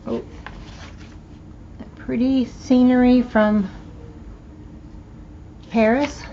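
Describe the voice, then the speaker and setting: Older Southern woman, slow and chatty. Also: a little high, fairly even intonation, dark tone, dull audio, a little hiss or hum. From American South. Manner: chatty, delighted exclamations. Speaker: thrift haul host. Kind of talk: casual show-and-tell.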